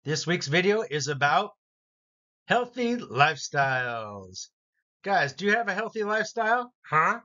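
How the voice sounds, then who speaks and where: A man teaching an English vocabulary lesson, saying each word slowly and clearly for learners to repeat. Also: high-pitched, sing-song, sharp tone, dull audio. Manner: slow, deliberate word-by-word pronunciation.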